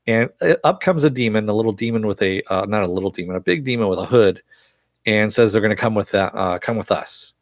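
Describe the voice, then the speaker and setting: With a dry, close-miked recording and no room around it, a man with a low voice reviews a show by rambling through the episode. He swears a lot and keeps filling gaps with "uh" and "you know."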